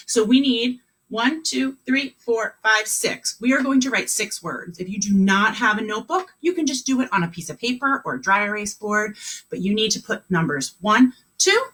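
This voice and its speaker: A woman teaching an online kindergarten class, sounding words out slowly and encouraging the children. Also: medium pitch, animated, a bit bright.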